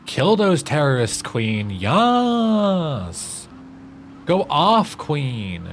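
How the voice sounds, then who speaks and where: Guy putting on a shrieky sassy hype voice, way up high and loud, game sounds faint behind. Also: wildly swooping pitch, extremely slow, a little hiss or hum, exaggerated voice. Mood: gushing. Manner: high squealing camp hype. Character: sassy over-the-top cheerleader voice.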